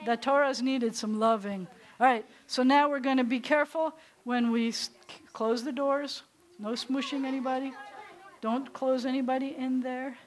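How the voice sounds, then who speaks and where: A woman with a Southern American accent leading a congregation through a service, giving gentle instructions. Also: high-pitched, steady tone, brisk. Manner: warm instructive directions to a congregation. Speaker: service leader.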